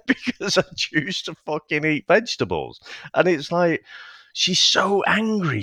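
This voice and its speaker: A man in his thirties in relaxed podcast chat, with a mid-range voice that swings up and down a lot. He rambles, restarts his sentences and chuckles as he goes, recorded close and dry. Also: on the low side, dry recording. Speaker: podcast co-host. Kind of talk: casual film podcast chat.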